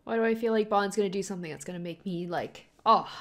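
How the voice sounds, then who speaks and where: Animated woman gushing over an anime. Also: mid-range voice, a little fast. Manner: animated, gushing, laughs often. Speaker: anime reaction host. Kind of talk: casual reaction commentary.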